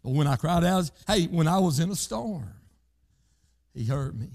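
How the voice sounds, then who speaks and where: A man preaching a sermon fervently, breaking in with repeated interjections and swinging between shouted and hushed lines. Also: on the high side, lively intonation, normal speed.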